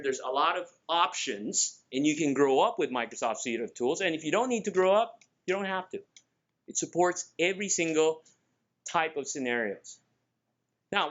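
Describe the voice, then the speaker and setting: High-voiced Filipino man presenting energetically. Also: lo-fi sound. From Philippines. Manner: energetic, joking, addresses the audience directly. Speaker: conference speaker. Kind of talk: lively conference presentation. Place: conference room.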